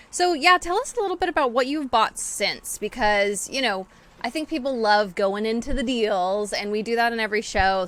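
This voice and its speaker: A woman's voice: medium pitch, a bit bright. Woman host asking friendly questions. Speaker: podcast co-host. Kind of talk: casual podcast conversation.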